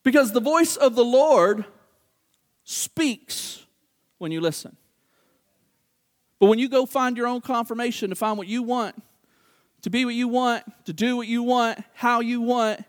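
A middle-aged man preaching a sermon, animated and acting out little dialogues, repeating words for emphasis. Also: extremely high pitch.

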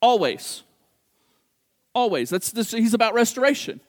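His voice is very high and his pace normal as the middle-aged man delivers an animated sermon, playing out brief dialogues and repeating words for emphasis.

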